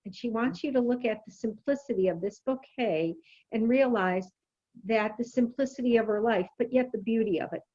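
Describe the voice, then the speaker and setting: A woman medium giving a spirit message softly and reassuringly, often checking in with "okay?". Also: fairly high pitch, normal speed, lo-fi sound. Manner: soft, reassuring, repeats "okay?". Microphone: video call.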